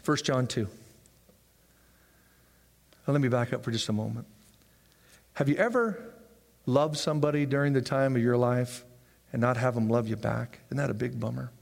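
A man preaching a sermon in a church, animated, acting out people's excuses in high voices. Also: normal speed, gravelly, pauses often, in a large hall. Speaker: pastor.

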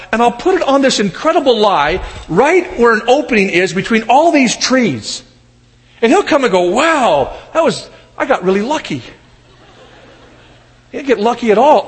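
A man preaching a sermon, telling lively humorous stories and acting out the people in them. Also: very high voice, long reverb tail. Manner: animated storytelling, shouting in character. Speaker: pastor.

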